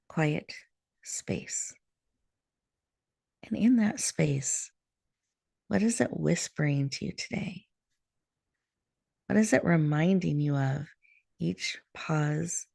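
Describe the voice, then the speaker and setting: A woman hosting a show leads a breathing meditation in a soft, slow, soothing way. Her low voice has a gravelly edge and sounds dry and close, with no room sound, recorded over a video call.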